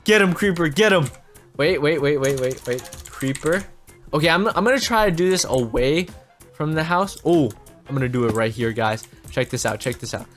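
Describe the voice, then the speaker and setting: A man hosting a gaming channel, giving excitable gameplay commentary straight to his viewers. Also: medium pitch, moderate pace, faint music behind.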